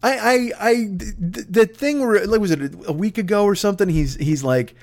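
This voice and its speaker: Podcast guy ranting, swears nonstop, kinda high voice, rambly and excitable. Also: normal speed. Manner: profane, rambling, excitable, lots of restarts. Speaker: podcast host. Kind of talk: comedic rant.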